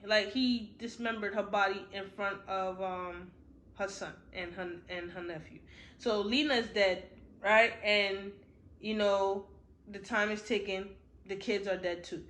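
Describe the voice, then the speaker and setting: A woman's voice: medium pitch, steady tone, a little slow, a bit bright. A woman giving a casual, slangy recap of a book, chatty and full of swearing. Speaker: book reviewer. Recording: roomy echo.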